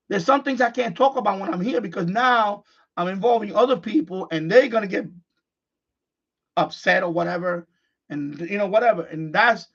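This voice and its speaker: A frustrated middle-aged man, talking bluntly and unscripted on a live stream, circling back over the same phrases. His voice sits high and has a gravelly rasp. The stream audio is dull and lo-fi. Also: a bit bright. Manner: blunt, repeats phrases, restarts often.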